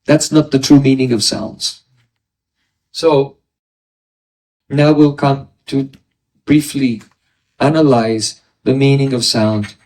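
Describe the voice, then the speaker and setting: A man's voice: mid-range voice, steady tone, slow pace, long pauses, a little mellow, recorded from a distance, low-quality recording. A man giving a devotional class lecture, explaining ideas through everyday examples and often checking in with his listeners. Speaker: spiritual teacher.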